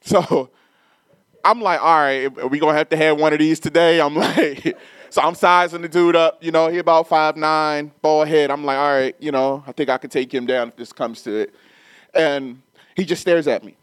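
A man's voice: on the high side, steady tone, normal speed, a bit bright, clear, resonant tone, no echo. A middle-aged man preaching a sermon, telling a personal story casually and then building to emphatic, rising preaching.

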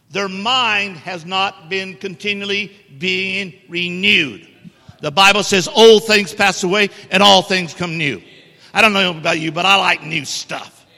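Bright-voiced preacher in an echoey church. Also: male voice, high voice. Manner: emphatic, joking with the congregation. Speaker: guest preacher. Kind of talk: sermon. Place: church sanctuary. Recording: echoey church hall reverb.

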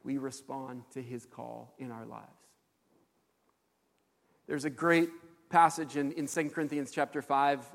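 A man preaching a sermon as a pastor, telling stories in an animated way with frequent fillers. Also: mid-range voice, vocal fry, long reverb tail.

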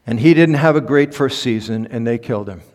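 A man preaching in a mid-pitched voice, chatty and halting as he tells personal stories. His delivery climbs to emphatic, raised peaks. The sound carries the long reverb of a big conference hall. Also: darkish tone. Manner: conversational, halting with ums, rising to emphatic peaks. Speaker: pastor.

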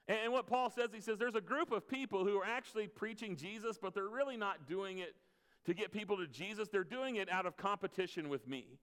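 A man's voice: high-pitched, a bit bright, clean tone. A man preaching a conversational sermon as pastor, mixing scripture with playful asides. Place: church sanctuary. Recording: long hall reverb.

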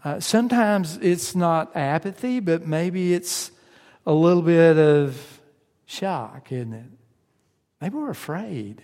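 A man's voice: on the high side, expressive, slow pace, a little mellow, big-room sound. A man preaching a sermon in a conversational way, asking his listeners questions and acting out their inner voices.

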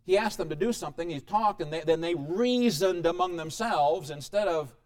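A man preaching a sermon, dramatic, with sudden rises and quiet drops. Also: high-pitched, moderate pace.

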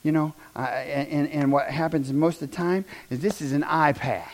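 A man, preaching a fiery revival sermon in a church, swinging from shouts down to a near-whisper. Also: on the high side, fairly even intonation, normal speed. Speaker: pastor.

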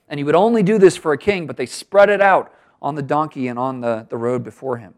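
A man delivers a sermon in a somewhat high voice. He walks steadily through scripture and then rises into emphatic, raised proclamations. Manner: expository preaching, rising to emphatic proclamations. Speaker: pastor.

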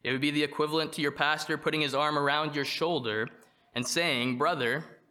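Bright-voiced man preaching a sermon. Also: on the high side, fairly even intonation, smooth. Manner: measured, reads from a prepared text with slowed emphasis on quoted verses. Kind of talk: read sermon.

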